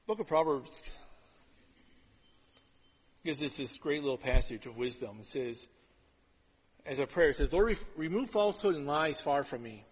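A middle-aged pastor preaching a sermon, telling stories in an animated, conversational way with quick repeated restarts. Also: male voice, fairly high pitch, slightly rough. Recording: long hall reverb.

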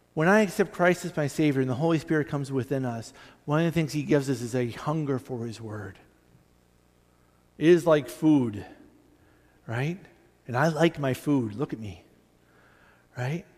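With a medium pitch and a somewhat dark tone, a man preaches as pastor in a church sanctuary. His sermon is chatty and self-mocking, full of restarts and asides, and a long hall reverb trails behind it.

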